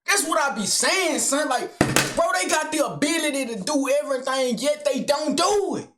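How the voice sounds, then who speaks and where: A man performing a furious comedy rant, shouting in heavy slang. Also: very high-pitched, animated, moderate pace, echoey room, heavy background noise. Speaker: sketch comedian.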